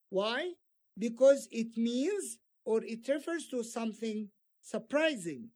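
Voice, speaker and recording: A woman teacher talks through grammar points slowly and deliberately. Her pitch moves a lot and sits a bit high, and she reads out example sentences with care. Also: darkish tone. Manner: slow, careful explanations with acted example sentences. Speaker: English teacher. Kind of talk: recorded grammar lesson.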